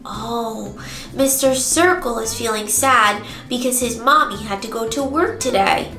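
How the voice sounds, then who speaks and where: Woman, preschool teacher, high voice, sing-song, roomy sound, music playing behind. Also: a little slow. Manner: animated, exaggerated, gasping and singing. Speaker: preschool circle-time teacher. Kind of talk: sing-song lesson for toddlers.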